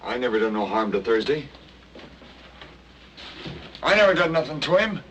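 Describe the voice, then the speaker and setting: A man's voice: mid-range voice, sing-song, moderate pace, fairly bright tone, slight background noise. An actor playing a cowardly male informer in 1940s film drama, speaking with a Southern US accent, stammering and pleading. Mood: defiant.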